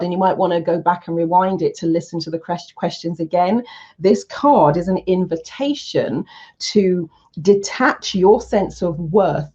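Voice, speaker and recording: A middle-aged woman presents an energy healing talk in a low, mellow voice. She paces her points deliberately and slows right down to let the important phrases land. The audio is dull and lo-fi. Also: breathy edge. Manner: measured, drawing out key phrases slowly. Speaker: Huna energy healing practitioner.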